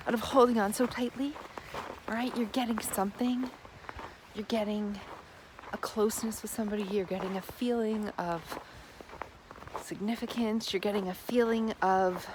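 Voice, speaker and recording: An earnest woman speaks straight to her viewers as a healing coach, mid-pitched and encouraging. She stacks repeated phrases for emphasis and drops into a soft, hushed tone when guiding affirmations. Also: noisy background. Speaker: self-help healing coach. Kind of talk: talking-to-camera self-help advice.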